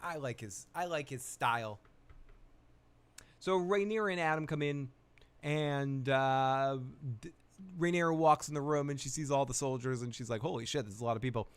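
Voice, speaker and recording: A man's voice: fairly high pitch, normal speed, smooth. A man hosts a live recap show in a loose, rambling way, cracking crude jokes as he retells each scene. His voice sits a little above the usual for a man. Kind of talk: casual live recap commentary.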